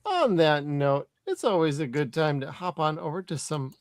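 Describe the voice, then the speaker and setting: A man's voice: fairly high pitch, sing-song, normal speed, no room sound. Chatty, swearing podcast host man. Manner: loose and chatty, swears freely. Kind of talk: casual live podcast chat.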